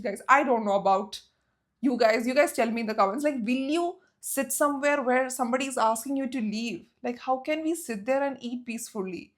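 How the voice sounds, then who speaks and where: A young woman vlogger telling a story to her viewers in casual chat, animated and exclaiming, often turning to them with rhetorical questions. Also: fairly high pitch, normal speed.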